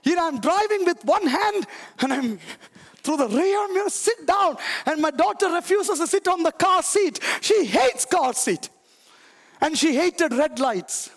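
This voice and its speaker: Gravelly high-pitched man preaching loudly. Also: lively intonation, unhurried, long reverb tail. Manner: shouting, emphatic preaching with call-and-response. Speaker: pastor. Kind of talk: sermon. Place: church sanctuary.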